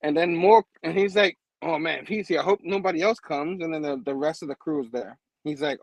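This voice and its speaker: A man casually recapping a comic book, laughing often and acting out the characters in quick voices. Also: sits high, animated, a bit bright, no echo, rough recording.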